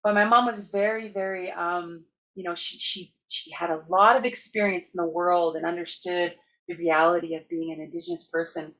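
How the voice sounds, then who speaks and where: A woman from Canada tells lively stories at a conference, laughing as she goes. Her voice sits a little low, and the recording sounds slightly muffled. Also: normal speed. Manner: lively, laughing anecdotes with acted-out quotes. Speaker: keynote speaker. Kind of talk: storytelling conference talk.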